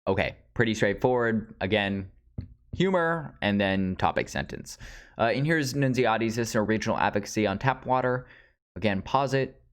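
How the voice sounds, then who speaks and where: A man's voice: lowish voice, animated, normal speed. A man teaching speech writing in a casual, conversational lecture over slides, with frequent fillers. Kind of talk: instructional lecture.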